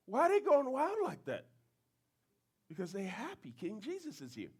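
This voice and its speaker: A pastor delivers a bilingual sermon in an extremely high-pitched voice, speaking at a measured pace with long pauses. He's animated, switching between English and Creole and acting out the voices of a crowd.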